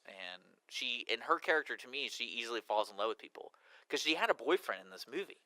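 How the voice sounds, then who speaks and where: A young man co-hosting a movie review chat, his voice bright and clear. He retells scenes with animation and slips into little acted-out lines as he goes. The sound is dry and close, with no room around it. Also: medium pitch, quick pace, no room sound, low-quality recording. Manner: animated, acts out dialogue while retelling scenes. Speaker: podcast co-host.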